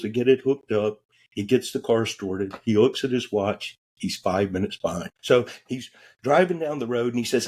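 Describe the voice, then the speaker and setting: A man's voice: on the low side, a little mellow, slightly rough. A man who is a guest on a podcast, telling a story in a casual, candid way and cursing now and then. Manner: casual and candid, swears freely. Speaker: guest, transformational coach. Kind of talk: conversational storytelling.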